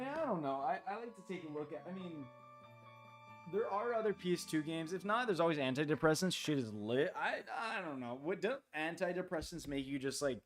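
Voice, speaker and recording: Late at night, a worn-out young man streams a game, rambling haltingly with lots of fillers and false starts. His voice sits a little high.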